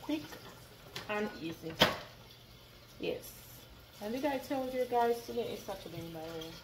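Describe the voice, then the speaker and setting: A woman's voice: medium pitch, lively intonation, a little slow, darkish tone, a little hiss or hum. A woman vlogger, chatting casually and laughing often as she films her day. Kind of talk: casual vlog chat.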